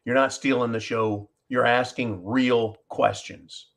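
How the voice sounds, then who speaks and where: A man's voice: mid-range voice, fairly even intonation, slow, gravelly. A man hosting a live stream, talking passionately and emphatically to his viewers, swearing freely and calling them folks. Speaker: live show host.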